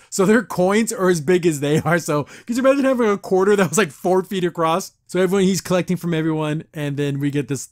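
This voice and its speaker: On a dry, studio-quality recording, a man with a voice on the high side hosts a podcast. He casually recaps a cartoon episode, chatty and gushing, laughing often and acting out the characters in quick voices.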